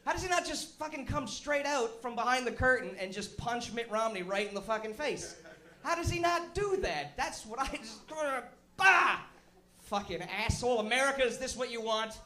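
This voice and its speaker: A man rants through a profane stand-up set in a high, sharp voice. His talk is crude and animated, and it echoes in a roomy live venue. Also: moderate pace. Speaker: comedian host.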